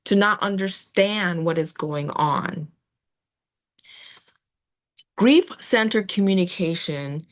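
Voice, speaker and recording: A woman giving a gentle, reassuring training talk to veterinary staff, with fillers and restarts. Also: mid-range voice. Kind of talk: instructional talk on client communication.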